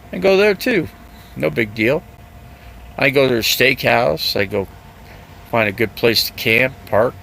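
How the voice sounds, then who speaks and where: A senior man with a gravelly, rough-edged voice rambles through a casual live-stream chat, circling back and repeating himself. His pitch sits in an ordinary middle range, and a faint vehicle hum runs underneath. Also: animated, unhurried, pauses often, a bit bright. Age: older. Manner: rambling, chatty, repeats himself, heavy use of fillers. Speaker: RV vlogger. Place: living out of an RV.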